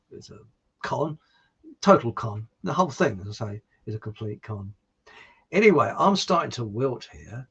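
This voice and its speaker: A man's voice: on the high side, a bit bright, slightly rough. A middle-aged man hosting a livestream. He chats casually and rambles in a self-mocking way. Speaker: livestream host. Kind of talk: casual chat and joke telling. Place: warm indoor room.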